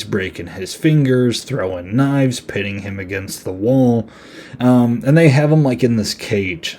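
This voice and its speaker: A man's voice: fairly low pitch, warm tone. A young man hosting a podcast, giving a casual, rambling movie review full of fillers and sarcastic asides. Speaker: podcast host.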